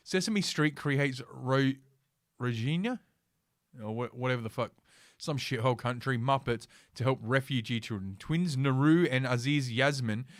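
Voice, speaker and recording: A man's voice: mid-range voice, moderate pace, no echo, clean studio sound. A man hosting a casual ranting commentary stream from his computer, reading news aloud with sarcastic, profane asides and lots of fillers. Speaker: host.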